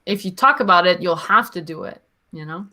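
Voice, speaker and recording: A woman's voice: lowish voice, brisk, pushed and bright. A woman in casual podcast chat, cutting in with short, teasing remarks.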